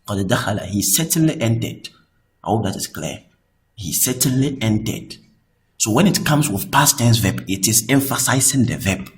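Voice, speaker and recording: A man's voice: lowish voice, poor audio. A man teaching Arabic grammar in English. He patiently repeats each example and often checks that his students understand. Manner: reads Arabic examples between English explanations. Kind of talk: explaining a lesson.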